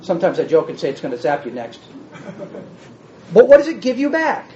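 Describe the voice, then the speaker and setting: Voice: medium pitch, sing-song, fairly quick, dark tone, a little hiss or hum. A preacher teaching a sermon in an echoing hall, recorded with a dull, muffled sound. The delivery is teacherly and plays with word meanings, pressing the listeners with one rhetorical question after another.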